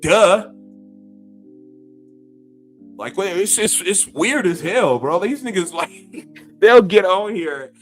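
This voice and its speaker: A man's voice: high-pitched, expressive, takes it slowly, long pauses, a bit bright, soft background music. A man in his fifties, a gaming YouTuber, ranting to camera with profanity and scornful laughter. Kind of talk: heated rant to camera.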